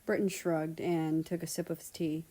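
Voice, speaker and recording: A woman narrates a fan fiction story in an even, storytelling voice. Her pitch sits low for a woman and stays steady. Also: moderate pace, poor audio. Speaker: story reader. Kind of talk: reading fan fiction aloud.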